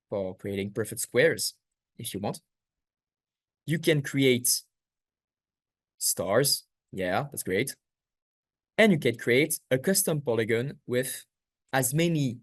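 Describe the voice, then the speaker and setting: A man's voice: mid-range voice, no echo, studio quality. A man with a French accent leading a live online workshop, explaining each step and answering chat questions. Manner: explains step by step, reads out chat questions, small slips and self-corrections. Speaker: workshop instructor. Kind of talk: live online software tutorial.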